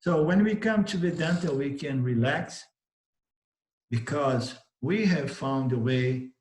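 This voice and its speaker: A man's voice: fairly high pitch, lively intonation, slow pace, a little mellow. A man with a Brazilian Portuguese accent gives a spiritual teaching talk, telling stories, repeating and rephrasing himself and acting out the voices of the people in them. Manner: storytelling, repeats and rephrases, acts out voices in the story. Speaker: Vedanta teacher. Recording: roomy echo.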